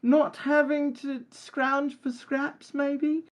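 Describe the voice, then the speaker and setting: A performer voicing a scrappy male high elf pirate and former beggar, speaking in a posh British accent mixed with Cockney and musing with plenty of hedging. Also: little pitch movement, very slow. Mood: wistful. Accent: posh British blended with Cockney.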